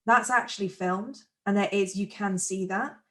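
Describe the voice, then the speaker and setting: A woman co-hosting a podcast in casual chat, retelling scenes with lively quoted voices. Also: medium pitch, normal speed. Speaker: podcast co-host.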